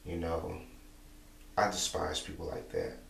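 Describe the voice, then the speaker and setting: A young man talking casually to camera, repeating himself and filling pauses with "you know". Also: low voice, level tone, vocal fry, a bit bright. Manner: repetitive, rambling, many "you know" fillers. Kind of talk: casual monologue vlog. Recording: echoey room, distant mic, faint hum.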